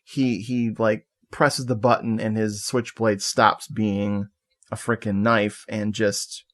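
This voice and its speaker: Casual podcast man recapping a movie. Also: fairly low pitch. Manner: relaxed, laughing, retelling scenes with quick put-on quotes. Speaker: podcast co-host. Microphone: video call.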